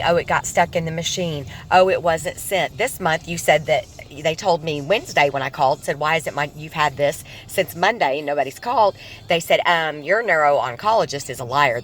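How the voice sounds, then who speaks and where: A woman's voice: sits low, fairly quick. A tired woman giving a casual vlog update while she drives, ranting heatedly about her trouble. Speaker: vlogger. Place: in a car. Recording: loud road noise in a car.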